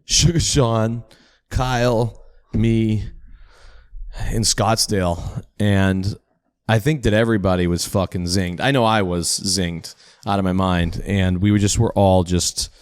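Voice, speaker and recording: A man with a low voice chatting as a podcast guest. He rambles loosely through profane, self-deprecating stories. The sound is dry and close. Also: steady tone, a little slow, clean tone, dry recording. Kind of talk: casual podcast chat.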